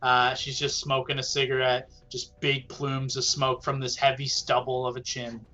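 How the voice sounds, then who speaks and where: A man narrating a tabletop game as game master, rambling and filling pauses with ums and uhs. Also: mid-range voice, monotone, pushed and bright, highs cut off.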